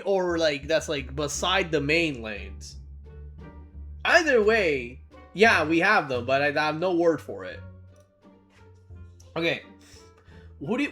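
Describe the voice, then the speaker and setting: Lively, swearing creator thinking out loud. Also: mid-range voice. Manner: thinks aloud, swears casually, laughs between answers. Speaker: gaming video creator. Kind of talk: casual commentary while taking a quiz.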